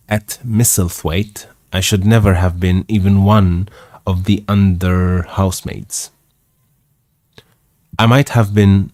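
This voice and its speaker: A man's voice: low-pitched, a little mellow, dry recording, studio quality. A man voicing a blunt, talkative young Yorkshire housemaid girl in a read-aloud storybook, plainspoken and a little cheeky. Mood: chatty.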